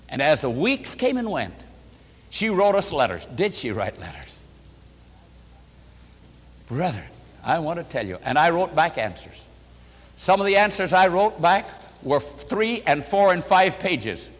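A man's voice: sits high, big pitch swings, a little slow, a bit bright, in a large hall. A man preaching a sermon, telling a story with emphatic, pleading delivery. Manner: emphatic, rising to impassioned pleading.

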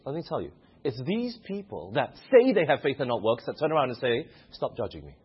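A man's voice: mid-range voice, big pitch swings, brisk, slightly rough. A man preaching a sermon who keeps putting questions to the congregation. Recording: muffled lo-fi recording.

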